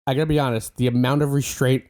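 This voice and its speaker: A man's voice: mid-range voice, level tone, fast, a little mellow. A man co-hosting a podcast, teasing his co-host in casual banter and laughing often.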